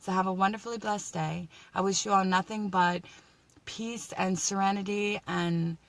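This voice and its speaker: A woman's voice: mid-range voice, steady tone, normal speed, no room sound. A woman speaking in a casual inspirational chat, chatty and encouraging, often restarting her sentences. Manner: chatty, encouraging, faith-filled, frequent restarts. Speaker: vlogger.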